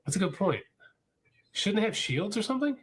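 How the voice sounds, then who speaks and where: A man chatting casually while watching a movie, sarcastic and animated. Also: high-pitched, a little fast, slightly rough. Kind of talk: casual watch-along banter.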